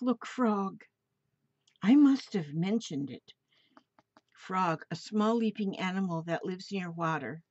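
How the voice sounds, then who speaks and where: Soft-spoken gushing woman, slow and low. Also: lively intonation. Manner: gushing, exclaims often. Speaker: crafting vlogger. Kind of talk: casual show-and-tell of a mail package. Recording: slightly dull home recording with faint noise.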